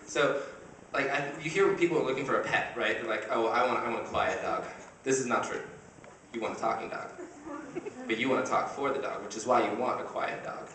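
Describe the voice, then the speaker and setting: A young man performs a stand-up comedy set, conversational and constantly checking in with the audience. The sound is picked up from far across a very echoey hall, with steady noise in the room. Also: mid-range voice, a little fast. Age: young adult. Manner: conversational, asks the crowd "right?" often. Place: university comedy competition stage, audience laughing. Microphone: filmed by a shaky camera from the audience.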